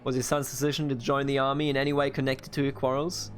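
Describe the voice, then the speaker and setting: A man's voice: medium pitch, flat delivery, fast, soft background music, close to an everyday voice. A man voicing a stern revolutionary court judge, reading curt, accusing questions from a video game.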